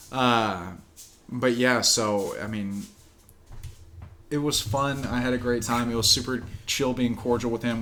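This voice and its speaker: A man chats casually on a podcast with a bright, forceful voice. He tells his stories with animation, acting out the quoted lines and laughing along the way. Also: medium pitch, a little hiss or hum. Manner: animated storyteller who acts out quotes and laughs. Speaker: pro fighter and podcast co-host.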